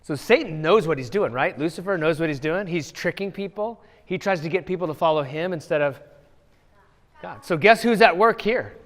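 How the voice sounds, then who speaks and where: Man, children's ministry teacher, high voice, long hall reverb, quizzing kids. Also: animated. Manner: asks quick questions of kids. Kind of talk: Bible story review with children. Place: church children's room.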